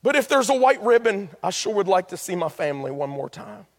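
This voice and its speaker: A man's voice: sits high, very animated, a little fast, exaggerated voice. A male preacher voicing an ashamed young ex-convict who pleads earnestly to be welcomed home, heard in a reverberant hall. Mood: pleading. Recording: long hall reverb, faint music.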